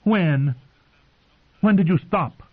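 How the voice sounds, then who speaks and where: A man reading aloud, voicing a proud, wounded young queen who asks sharp, accusing questions, heard through narrow phone-like sound. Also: high-pitched, slow, husky, voice pushed up, exaggerated voice. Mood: interrogating.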